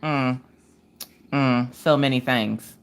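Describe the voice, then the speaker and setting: A woman hosting a casual craft livestream, telling animated, exasperated stories about her family. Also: rumbling low, slow pace, clean tone. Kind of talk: casual chat.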